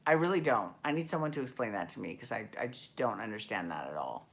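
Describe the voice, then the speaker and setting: A podcast host recapping dance shows chats casually, rambling along with frequent restarts and the occasional swear. She has a bass voice and talks animatedly at a quick pace.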